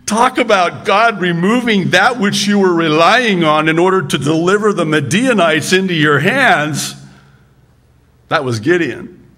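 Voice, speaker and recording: A man's voice: a little high, a bit bright. A male pastor preaching a sermon in a conversational, humorous way, often restarting his sentences with a stammer.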